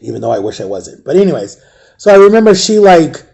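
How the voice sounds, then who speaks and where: Rambling man telling a story, mellow voice. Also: fairly high pitch, fast talker, creaky, dull audio. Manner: rambling, animated, acts out quoted voices. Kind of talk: casual storytime vlog.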